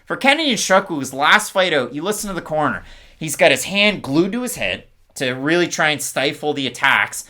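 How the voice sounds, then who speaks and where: A man's voice: a little high, sing-song, sharp tone. A man co-hosting a fight preview podcast, rattling off stats and odds in a casual breakdown. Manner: stat-heavy, rapid-fire breakdown. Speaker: co-host.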